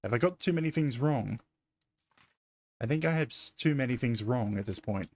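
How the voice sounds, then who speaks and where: A man's voice: medium pitch, animated, normal speed, dry recording. A man playing a video game and thinking aloud in casual commentary, often correcting himself. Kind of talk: let's-play commentary.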